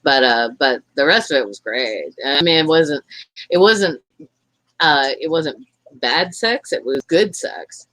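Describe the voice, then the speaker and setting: A woman's voice: low voice, expressive, measured pace, a bit bright, no echo, low-quality recording. A young woman with a Southern American accent, talking frankly and profanely in a rambling casual chat as podcast co-host. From Tennessee.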